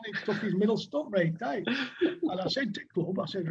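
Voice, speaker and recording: This Lancashire man in his sixties, a guest on a podcast, rambles chattily through old cricket tales using lots of dialect words and fillers. His voice sits high and is expressive, creaky and husky, at a normal speed. The sound quality is lo-fi.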